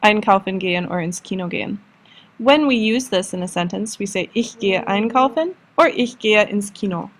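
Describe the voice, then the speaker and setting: Patient woman teacher explaining slowly. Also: medium pitch, animated, slight background noise. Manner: patient, slows down for example sentences. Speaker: language teacher. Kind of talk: recorded classroom lesson.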